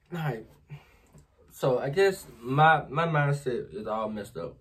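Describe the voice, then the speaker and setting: A man chatting casually to his viewers in a vlog, recorded on a phone camera. His voice is husky and his pitch jumps up and down a lot as he exclaims and speaks straight to the audience. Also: very animated, slow pace. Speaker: vlogger.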